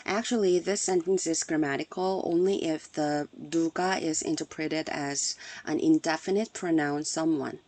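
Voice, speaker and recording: A woman's voice: sits low, steady tone, a little mellow, no room sound. A woman giving a scripted academic conference presentation, reading carefully and explaining step by step. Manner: reads carefully from prepared text, measured and explanatory.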